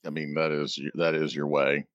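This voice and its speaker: A man's voice: rumbling low, completely flat delivery, moderate pace, no echo, lo-fi sound. A man co-hosting a casual comics podcast, dry and hesitant, often restarting his sentences. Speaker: podcast co-host.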